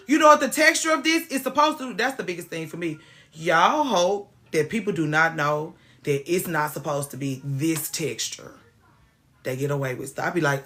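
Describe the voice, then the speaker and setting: Bright-voiced woman ranting. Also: deep voice, moderate pace. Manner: emphatic, profane ranting. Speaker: podcast host. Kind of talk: casual chat.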